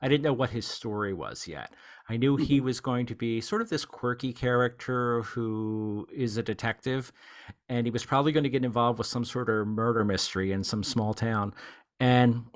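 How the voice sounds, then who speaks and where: A man's voice: medium pitch, normal speed. A man hosting a podcast, chatting casually with a guest in an easygoing way, with self-deprecating asides. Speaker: podcast host. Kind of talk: casual interview chat.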